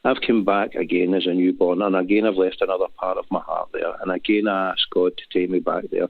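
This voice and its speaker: Over a dry, tinny phone line, a Glaswegian caller from Scotland speaks to a talk show in a low, creaky voice that barely shifts in pitch. He talks briskly, with no echo, sounding earnest and emotional as he rambles and keeps starting over.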